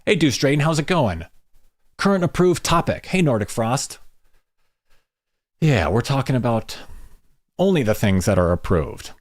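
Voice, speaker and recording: A man's voice: mid-range voice, sing-song, normal speed, long pauses, dry recording, studio quality. An American man hosting a casual livestream chat, rambling and self-deprecating as he greets viewers. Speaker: podcast host.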